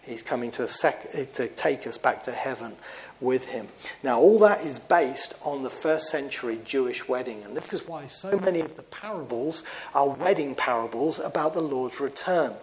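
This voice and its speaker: Man preaching an earnest sermon, teaching style, asks the congregation questions, pauses on fillers. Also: medium pitch, expressive, rough recording.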